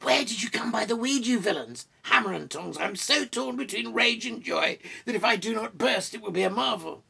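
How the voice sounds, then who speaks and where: A man's voice: high voice, expressive, moderate pace, creaky, few pauses, sharp tone, breathy edge, voice pushed up, exaggerated voice. A man voicing an indignant male dwarf warrior who scolds and exclaims in a storybook reading. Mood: outraged, exasperated.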